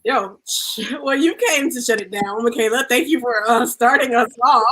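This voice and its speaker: Woman host, casual and enthusiastic, bright and punchy tone. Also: a little high, normal speed, hardly any pauses, poor audio. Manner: enthusiastic, effusive, casual slang. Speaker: host and painter. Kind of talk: casual, lively hosting.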